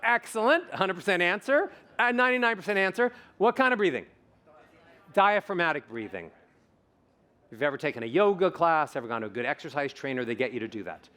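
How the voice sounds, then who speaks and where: Animated male voice coach. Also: on the high side, brisk. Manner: animated, demonstrates vocal examples, playful. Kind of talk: conference talk with audience exercises. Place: conference stage.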